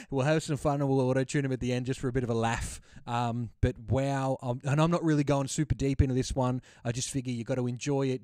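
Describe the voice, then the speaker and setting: A man's voice: medium pitch, a little mellow, no room sound, clean studio sound. A man hosting a music reaction stream, chatting casually and enthusiastically about vocal tracks, often laughing. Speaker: host reacting to multitrack stems.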